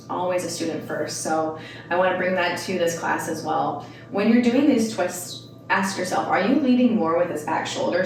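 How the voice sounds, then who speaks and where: A woman's voice: lowish voice, a little hiss or hum. Yoga teacher lady talking you through breaths, chill and chatty, sounds roomy and kinda far from the mic. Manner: calm cueing with casual rambling asides. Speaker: yoga instructor. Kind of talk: guided yoga class. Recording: echoey room, mic at a distance.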